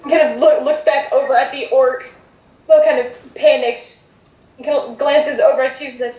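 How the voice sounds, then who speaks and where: A woman running a tabletop game, narrating scenes with a hesitant, searching delivery. Her voice is high. The room sounds echoey and she sits away from the mic, with faint noise behind. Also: fairly even intonation, normal speed, a little mellow, distant mic. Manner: hesitant, full of fillers and restarts. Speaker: game master.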